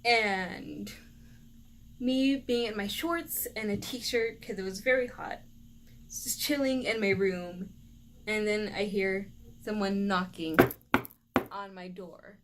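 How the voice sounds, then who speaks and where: A young woman vlogger animatedly retelling a personal story, lively and laughing often. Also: mid-range voice, takes it slowly, long pauses, a little hiss or hum.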